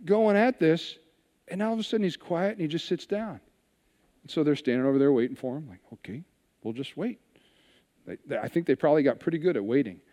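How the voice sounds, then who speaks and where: A man preaching a sermon, telling a scripture story with animated retellings and hushed asides. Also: on the high side, big-room sound. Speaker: pastor.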